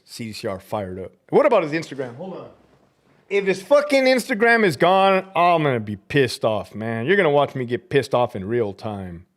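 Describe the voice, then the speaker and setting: A man ranting on his live stream, cursing hard and swinging between loud outbursts and low muttering. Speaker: livestreamer and prison officer. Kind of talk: profane live-stream rant.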